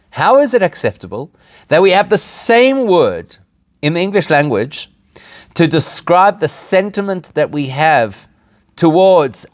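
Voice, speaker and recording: Lively man teaching a class. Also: fairly high pitch, no room sound. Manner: lively, asks rhetorical questions, laughs at own points. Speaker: rabbi teaching a weekly class. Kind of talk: informal spoken lesson with jokes and questions.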